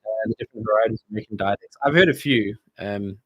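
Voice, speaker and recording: A man's voice: fairly low pitch, fast talker, breathy edge, no room sound, highs cut off. A man hosting a casual live-stream Q&A, reading viewer comments aloud and bantering about them.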